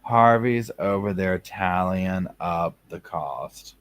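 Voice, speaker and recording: Sarcastic deep-voiced man commenting live. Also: slow pace, a bit bright, clean tone, dry recording. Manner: chatty, sarcastic, acts out people's thoughts in asides. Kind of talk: casual live commentary over a trial stream.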